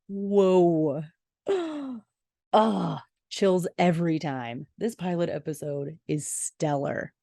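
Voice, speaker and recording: A woman with a low, deep-set voice hosts a rewatch podcast, retelling an episode scene by scene. She reacts out loud as she goes, gasping and exclaiming. The sound is close and dry, with no room around it. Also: dry recording. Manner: expressive, gasps and exclaims while retelling. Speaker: podcast host. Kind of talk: episode recap.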